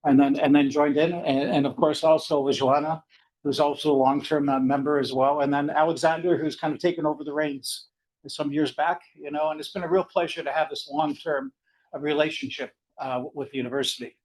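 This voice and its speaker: An older man with a Canadian accent giving an academic seminar lecture in a fast, rambling, conversational way. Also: on the high side, darkish tone, poor audio. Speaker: guest lecturer.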